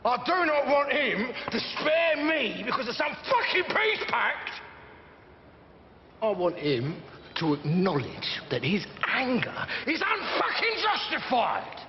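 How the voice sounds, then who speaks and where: An actor playing a volatile middle-aged gangster, rambling and profane. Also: male voice, very high-pitched, wildly swooping pitch, takes it slowly, exaggerated voice. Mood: ranting. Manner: rambling, profane, swings between mumbling and shouting. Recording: muffled series audio, echoey hall, faint hiss.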